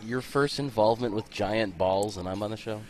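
A man's voice: lowish voice, moderate pace, a little hiss or hum. A man as a podcast guest in casual chat, teasing and tripping over his words.

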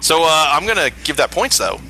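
A man co-hosting a casual podcast chat, wisecracking and quick to laugh. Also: fairly high pitch, sing-song, sharp tone, slight background noise, poor audio. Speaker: podcast co-host.

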